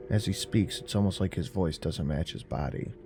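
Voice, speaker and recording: A man narrating a horror story in a slow, measured, deadpan way. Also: low-pitched. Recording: narration over faint music.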